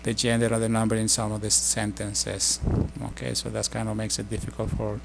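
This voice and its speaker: Gravelly-voiced man teaching a lesson. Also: on the low side, monotone, noisy background. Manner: explains slowly with many fillers and restarts. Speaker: language teacher. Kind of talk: casual spoken lesson.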